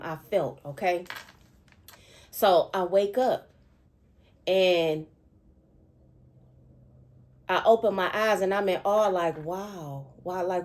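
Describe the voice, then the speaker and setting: A middle-aged woman, a spiritual seer, telling a dream in an emotional, repetitive way and often pausing to ask "okay?". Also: medium pitch, darkish tone. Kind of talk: spiritual storytelling monologue.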